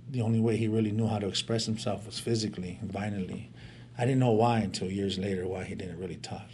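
Slightly mellow and fairly low, a man's voice relates his personal history with earnest feeling. His casual, slang-filled delivery includes stammered restarts, and a faint hiss lies under the audio.

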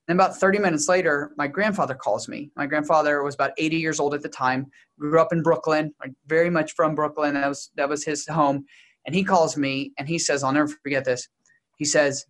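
A young adult man from Texas, a guest researcher explaining generations in an interview and telling a personal story in a brisk, lecturing way. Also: a little high, fairly bright tone. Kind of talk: interview answer.

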